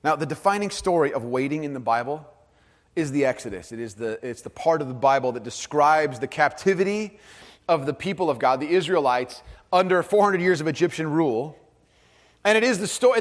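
A man preaching a sermon to a live congregation, conversational in tone, dropping to soft, low emphasis on key phrases. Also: animated, fairly quick. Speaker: pastor. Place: large hall with audience. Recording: long hall reverb.

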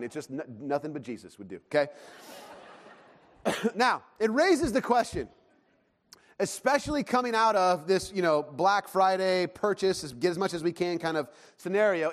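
Male pastor, 30s, slightly high voice, animated storytelling sermon, long hall reverb. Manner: animated storytelling, acts out child's shouts. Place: church sanctuary.

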